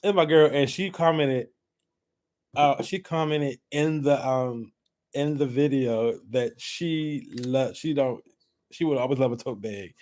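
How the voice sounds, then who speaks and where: A man hosting a casual giveaway vlog at home, chatting as he draws winners, laughing often and breaking into high excited squeals. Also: a little slow. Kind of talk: casual chat while drawing giveaway winners.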